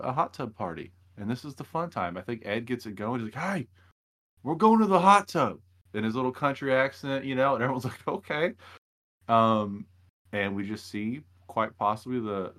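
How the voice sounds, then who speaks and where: A young man chatting casually as a podcast co-host, telling stories in a rambling, animated way. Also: fairly low pitch. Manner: rambling, animated storytelling with laughs. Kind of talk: casual reality-show recap chat.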